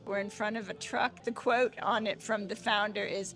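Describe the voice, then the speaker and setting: A woman's voice: mid-range voice, fairly even intonation, moderate pace, vocal fry, hardly any pauses, a bit bright, faint music behind. A woman in her fifties co-hosting a casual beer-tasting vlog, chatting and describing flavors as she tastes. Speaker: vlog co-host.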